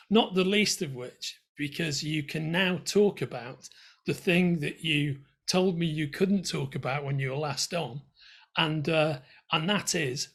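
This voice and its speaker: Man, interview host, raspy edge, fairly high voice, enthusiastic. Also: fairly bright tone. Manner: chatty, enthusiastic, calls the guest mate. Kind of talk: video interview.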